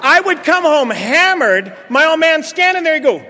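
A man's voice: very high-pitched, big pitch swings, moderate pace, sharp tone, a little hiss or hum. A middle-aged man telling funny stories to a meeting, acting out bits of dialogue and joking with the crowd. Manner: joking, storytelling, acts out dialogue. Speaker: speaker at a recovery meeting. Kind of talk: humorous recovery talk to an audience. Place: meeting hall. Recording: reverberant hall, audience laughter.

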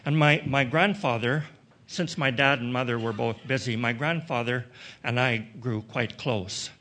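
A middle-aged man from Western Canada tells his personal recovery story to an audience in a reflective, halting way, often restarting his sentences and adding dry humor. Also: mid-range voice, sharp tone. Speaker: recovery meeting speaker.

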